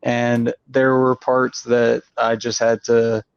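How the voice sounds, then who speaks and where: A man co-hosting a casual review chat, speaking in a measured way with many ums and uhs. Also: medium pitch, completely flat delivery, creaky, clean tone, no echo. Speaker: co-host. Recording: dull, dry close recording.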